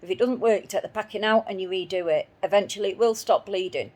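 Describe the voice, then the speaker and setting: Speaking fast in a medium, slightly mellow voice, a woman shares a personal account in an indignant tone. She goes over her arguments again, repeating herself along the way.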